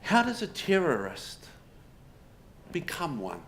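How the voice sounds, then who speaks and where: Speaking slowly in a fairly high voice whose pitch swoops wildly, this man gives a public talk in a pub. His storytelling leans on wry humour and rhetorical questions, drawing audience laughter over a faint hum of the room.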